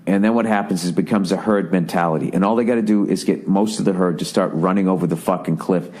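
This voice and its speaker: A man's voice: low-pitched, fairly even intonation, fast, darkish tone. A man hosting a podcast, delivering a profane, sarcastic, exasperated comedic rant in a casual monologue. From United States. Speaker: podcast host.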